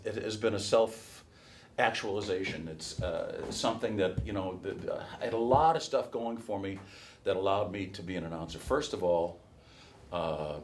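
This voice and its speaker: Man, Midwest accent, nasal, low-pitched, rambling with fillers, middle-aged, slight noise behind. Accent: softened Midwest American. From Chicago, USA. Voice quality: flat nasal tone. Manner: rambling, with many fillers and restarts. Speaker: race caller giving a workshop. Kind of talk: casual talk to a workshop audience.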